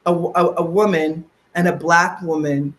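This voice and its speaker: A middle-aged woman from Canada speaks as a podcast guest. She tells her story in an animated, conversational way. She often slips into the voices of the people she quotes. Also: lowish voice, moderate pace.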